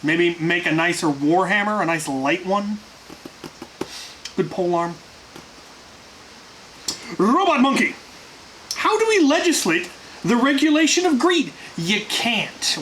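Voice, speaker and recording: In a workshop, a man with a high, fairly bright voice hosts a casual Q&A, answering viewer questions in a dry, offhand way full of restarts and fillers. The audio is poor, with a faint hiss.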